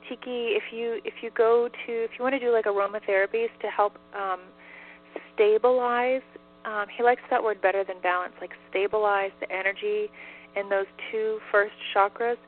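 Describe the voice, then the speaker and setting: A woman's voice: mid-range voice, steady tone, moderate pace. A woman talking as a medium, in casual chat full of fillers and "like", relaying answers. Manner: chatty, many fillers and "like". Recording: tinny phone line with faint hiss.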